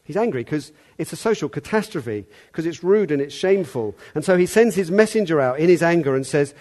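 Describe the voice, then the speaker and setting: A man preaching a sermon in a conversational way, now and then calling out loud to act a part. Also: on the high side, animated, brisk. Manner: conversational, acts out the servant's calls loudly.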